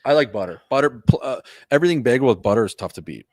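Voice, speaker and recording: A man co-hosting a comedy podcast, trading crude, rapid-fire banter and slipping into mock hockey play-by-play. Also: medium pitch, expressive, no echo. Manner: rapid, profane, riffing on characters. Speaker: podcast co-host.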